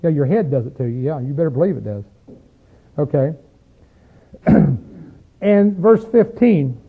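Folksy preacher, tinny lo-fi recording. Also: male voice, a little high, animated, husky. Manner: folksy, plain-spoken, asks the congregation rhetorical questions; rises into loud, drawn-out chanting when acting out crowds in the text. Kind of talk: conversational sermon with scripture reading.

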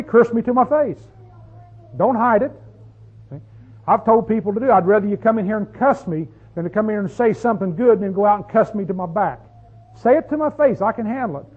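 A man's voice: high-pitched, slightly rough. A man preaching a sermon as pastor, folksy and conversational, often asking the congregation questions. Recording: tinny phone-like sound.

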